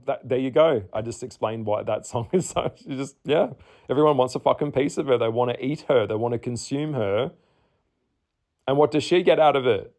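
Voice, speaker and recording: A man's voice: medium pitch, creaky, darkish tone. A man giving an astrology chart reading in a candid, chatty way, swearing and laughing often. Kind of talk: casual spoken chart reading.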